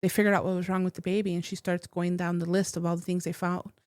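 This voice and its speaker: A woman guest, a psychic and teacher, telling a personal story in a casual interview, emotional and close to tears, with halting restarts. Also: lowish voice, little pitch movement, darkish tone, dry recording.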